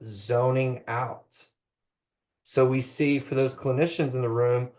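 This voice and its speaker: A man with a mid-range, somewhat dark voice gives a live presentation on trauma-informed care to clinicians. He sounds hesitant, filling his talk with ums, uhs and frequent restarts.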